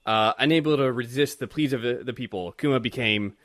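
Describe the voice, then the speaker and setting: A man co-hosting a podcast in casual, relaxed and somewhat halting chat. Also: medium pitch, no echo, clean studio sound. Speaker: podcast co-host.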